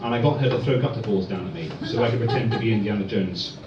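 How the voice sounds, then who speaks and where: A man performing a stand-up comedy set in a club, telling deadpan one-liners. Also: lowish voice, fast, far from the mic, very noisy. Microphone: far phone recording. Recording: echoey dull phone recording from afar.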